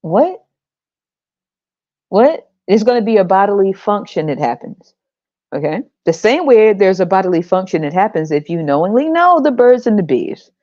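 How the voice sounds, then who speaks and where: An American woman ranting on her podcast, her pitch swinging all over as she mocks and curses. The sound is dry and a little dull and lo-fi. She laughs often and slips into high mimicking voices. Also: sing-song, moderate pace, warm tone, no room sound. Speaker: podcast host. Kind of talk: casual monologue rant.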